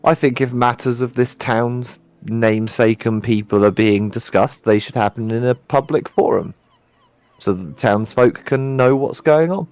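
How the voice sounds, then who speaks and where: A man's voice: mid-range voice, moderate pace, a little mellow, dry recording. Earnest male player, dry sound. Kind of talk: in-character table talk.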